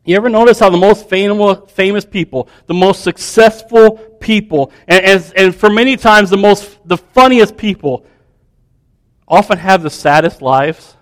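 A man preaching a sermon, building questions in a row and dropping to a soft hush. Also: sits high, unhurried. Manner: animated storytelling preacher, dropping to soft hushed tones.

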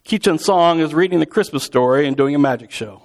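A man's voice: on the high side, a little fast. A man preaching in a conversational, storytelling way, acting out quotes with vivid voices. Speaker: pastor. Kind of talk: sermon.

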